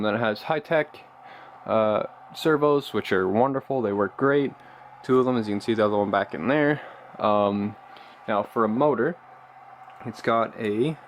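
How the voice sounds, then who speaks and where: A man's voice: fairly low pitch, slight background noise. A man vlogging casually about his hobby car, rambling and enthusiastic, with lots of ums and uhs. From Canada. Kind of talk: casual show-and-tell vlog.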